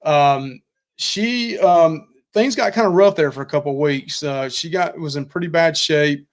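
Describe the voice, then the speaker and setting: A man's voice: a little high, a little slow. A middle-aged man co-hosting a live cooking and travel stream, chatting casually and rambling as he thanks viewers over and over.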